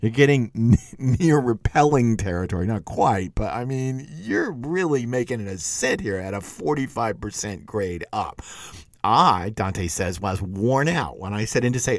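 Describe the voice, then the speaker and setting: Podcast host, middle-aged man, chatty and animated, mid-pitched, very dry recording. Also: measured pace, no echo. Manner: animated, chatty, laughs often. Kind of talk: conversational literary commentary.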